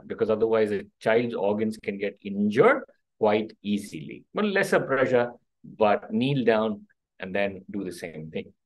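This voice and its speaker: A man's voice: mid-range voice, low-quality recording. A middle-aged man, a doctor giving an interactive first-aid workshop who keeps checking in with his audience. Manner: checks in with the audience, asking "okay?" and "right?". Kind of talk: interactive health workshop talk.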